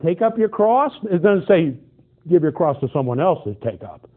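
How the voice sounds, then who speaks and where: Man, middle-aged pastor, sermon, animated storytelling, slightly high voice, tinny narrow sound. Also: moderate pace. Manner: animated storytelling, shifts to loud excited outbursts. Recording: tinny phone-like band.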